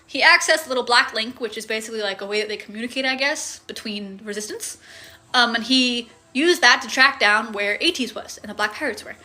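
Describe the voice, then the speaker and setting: A woman's voice: fairly high pitch, fast talker, pushed and bright. A woman casually recapping a story on a livestream, playful and loose, swearing and making sound effects. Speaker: streamer recapping game lore.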